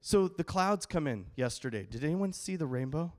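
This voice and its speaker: A man's voice: on the high side, normal speed. A middle-aged male pastor preaching a sermon, telling stories and acting out quotes with animation. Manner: animated storytelling with acted-out quotes.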